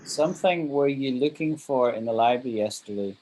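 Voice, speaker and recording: A man's voice: mid-range voice, brisk, a little mellow, poor audio. A man teaching an online English grammar lesson, patiently walking through example sentences and checking that his students follow.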